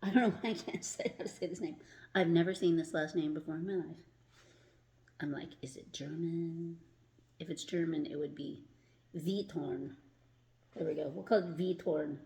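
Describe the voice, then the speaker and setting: A woman's voice: deep voice, vocal fry, mellow. A woman reading a picture book aloud to a child in a casual, chatty way, laughing at her own slips.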